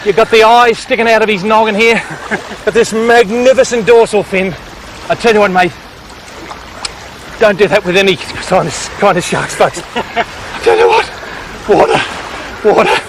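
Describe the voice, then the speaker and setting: A man's voice: high voice, moderate pace, long pauses, slight background noise, poor audio. A man with an Australian accent hosting a fishing show, exclaiming and teasing in playful banter on a boat at sea. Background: music.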